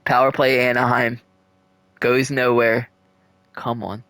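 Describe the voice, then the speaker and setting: A man's voice: medium pitch, slow pace, no room sound. A young man giving casual play-by-play commentary on a simulated hockey game from home, swearing and pleading with the game. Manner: excitable, swears, pleads with the game and cheers his team. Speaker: gaming video creator.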